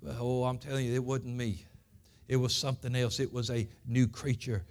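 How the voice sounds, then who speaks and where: A man's voice: mid-range voice, level tone, moderate pace, a little mellow. A man preaching a Sunday school lesson, telling his own testimony in folksy, earnest, plain country speech. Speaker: pastor.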